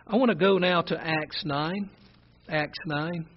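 A man with a rural Southern American accent preaches a sermon in a fairly high, husky voice. He talks earnestly and conversationally and reads scripture aloud. The recording sounds dull and lo-fi. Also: unhurried.

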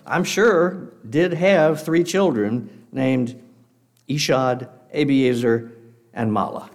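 A man giving a sermon to a congregation, earnest and measured, slowing down to read scripture aloud. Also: medium pitch. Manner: guest speaker addressing a congregation. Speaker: preacher.

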